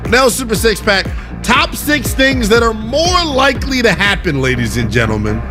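A man's voice: high voice, very animated, moderate pace, over music. A man hosting a sports talk radio show, joking and self-mocking as he takes calls and runs segments.

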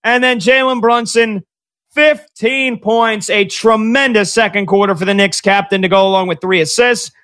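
A man in his thirties hosting a sports talk radio show, talking like an excitable, fast-talking fan. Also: high-pitched. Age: 30s.

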